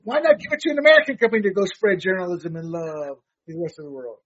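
A man's voice: high-pitched, fast talker, a bit bright, slightly rough, highs cut off. A man co-hosting a casual political talk show, speaking heatedly with many fillers and restarts.

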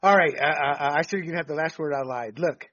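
A man hosts a sports talk show, delivering blunt, emphatic opinions and stumbling over fillers as he goes. His voice sits high and bright with a husky edge. The audio is dull and lo-fi. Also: brisk.

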